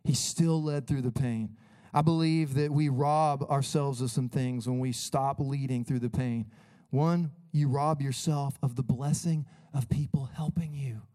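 A man's voice: mid-range voice, fairly even intonation, unhurried, warm tone. A man preaching a sermon as a pastor, in an earnest, casual and conversational way.

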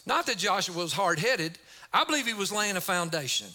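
A middle-aged male pastor delivers an energetic sermon. His voice sits high and rings bright, rising to emphatic shouts as he drives his points home. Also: a little fast.

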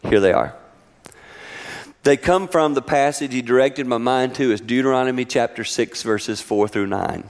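A middle-aged man preaching a sermon, telling family stories with lively acted-out voices. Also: moderate pace. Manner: animated storytelling, acting out voices with high-pitched exclamations. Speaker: pastor.

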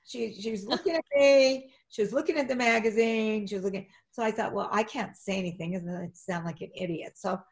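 A middle-aged woman telling lively anecdotes in an interview, jumping up in pitch as she acts out what people said. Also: a little fast, few pauses. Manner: animated, acts out quotes in a high excited voice, frequent restarts. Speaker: actress and flight attendant, interview guest. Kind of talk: conversational storytelling.

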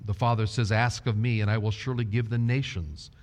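Man preaching slowly in a reverberant hall. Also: lowish voice, steady tone, darkish tone. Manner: slow, deliberate preaching, quoting scripture. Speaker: pastor. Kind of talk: sermon.

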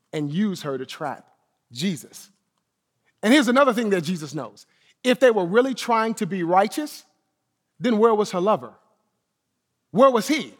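High-voiced preacher in an echoing hall. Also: male voice. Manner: emphatic preaching, repeats key phrases, drops to soft low endings. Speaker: pastor. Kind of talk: sermon.

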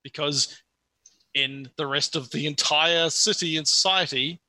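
Guy dm'ing a tabletop game, super bright voice, kinda high, dry close sound. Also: fairly even intonation, measured pace, no room sound. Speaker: game master.

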